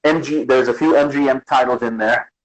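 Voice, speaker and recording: This man's mid-range voice moves fairly quickly over a rough recording. He's a guest artist from the Bronx, New York, chatting casually in an interview and animatedly acting out his stories and quotes.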